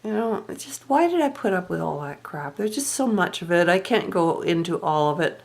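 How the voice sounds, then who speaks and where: A woman's voice: fairly low pitch, big pitch swings, normal speed, gravelly. A woman telling a personal story in a candid, rueful and reflective way, sighing now and then. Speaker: vlogger.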